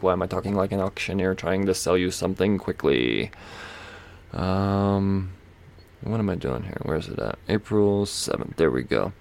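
A man's voice: low voice, measured pace, gravelly, a little mellow. A man hosting a solo podcast, chatting casually and rambling with lots of fillers, swearing and self-mocking asides. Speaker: podcast host. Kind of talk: casual solo comic-book podcast chat.

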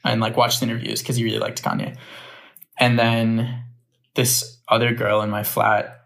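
A young American man, a podcast guest, telling lively stories in casual chat. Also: mid-range voice, moderate pace, creaky. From United States. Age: young adult. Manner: animated storytelling with laughs.

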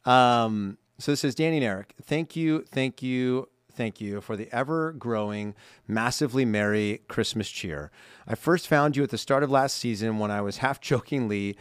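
A man's medium-pitched voice, clean in tone and without echo, moves at a normal speed. He co-hosts a holiday podcast from a studio, using a studio microphone, chattily reading listener cards and laughing a lot.

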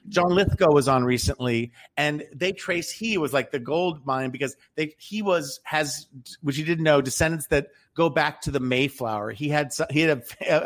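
A man's voice: a little high, a bit bright. A man in casual chat, telling a story in a rambling way with many restarts and fillers.

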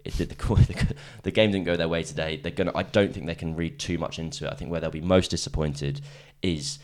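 Fast-talking very deep-voiced man. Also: steady tone. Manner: fast, rambling, leans on "kind of". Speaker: podcast co-host. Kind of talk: casual cricket chat.

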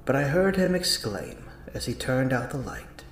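A man narrating a rhyming holiday story in a playful, sing-song way, with soft whispered asides. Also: medium pitch, big pitch swings, normal speed, reverberant, a little hiss or hum.

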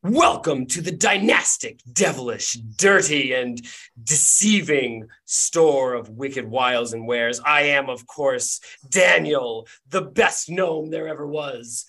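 A man's voice: mid-range voice, takes it slowly, sharp tone, exaggerated voice. A man voicing a small, boastful male gnome shopkeeper with a grandiose, theatrical manner in a tabletop game.

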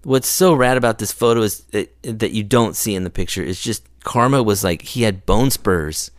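A man's voice: fairly low pitch, moderate pace, no room sound, studio quality. Laid-back, rambling male storyteller. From California. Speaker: skate photographer guest. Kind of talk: casual chat.

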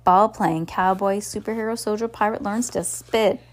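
A woman's voice: medium pitch, fairly even intonation, moderate pace, lightly acted. A woman voicing an eager, gossipy female newspaper reporter who gushes and pleads breathlessly in a storybook reading. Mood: gushing.

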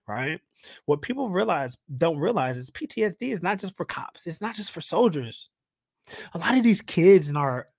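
Animated young man, high-pitched and dry. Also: no room sound. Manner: animated preaching cadence with rhetorical "right?" and "hello?"; acts out quoted voices, swinging pitch and volume. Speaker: podcast host. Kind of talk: solo talk-show monologue.

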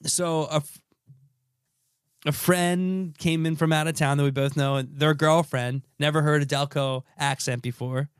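A man's voice: a little high, fairly even intonation, measured pace, smooth, no echo, clean studio sound. Laid-back man chatting on a podcast. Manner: laid-back, laughs often, trails off mid-sentence. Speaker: podcast co-host. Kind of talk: casual chat.

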